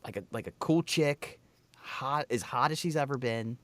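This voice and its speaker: A man's voice: medium pitch, moderate pace, fairly bright tone. A man co-hosting a podcast in loose, rambling, profane casual chat. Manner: loose, rambling, swears freely. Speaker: podcast co-host.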